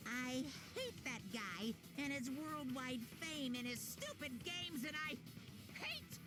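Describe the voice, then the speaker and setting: Man playing a shrill jealous character, high and swooping, strained, drawn-out words. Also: very animated, heavily acted. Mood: bitter. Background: game music.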